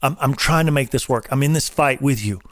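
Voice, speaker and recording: A man's voice: medium pitch, brisk, no echo, studio quality. A man in his forties giving an emphatic, coach-like talk on faith and marriage, like a drill instructor. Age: 40s. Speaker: host. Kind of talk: casual preaching talk.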